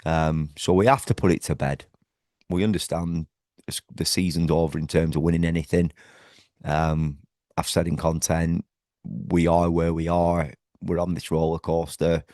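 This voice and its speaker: A man's voice: low-pitched, flat delivery, normal speed, a little mellow, no echo, clean studio sound. A man from northwest England, hosting a casual football fan vlog from home, talking passionately and rambling with lots of fillers and restarts. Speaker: football fan channel host. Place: at home indoors.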